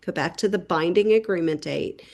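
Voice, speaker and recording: A woman's voice: lowish voice, moderate pace, creaky, a little mellow. A woman real estate agent giving a casual how-to tip, telling a story in a chatty way and acting out the people in it.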